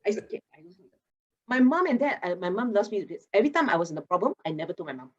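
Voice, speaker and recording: A woman talks through a video call and drops casual particles into her sentences. Her voice is a little husky, and the audio sounds dull and muffled. She speaks in an animated, playful way, teasing her listeners as she teaches. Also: medium pitch, rapid-fire. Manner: animated, chatty, teasing, with local particles like lah. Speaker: guest speaker on mental wellness. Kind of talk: lively expert talk in an online masterclass.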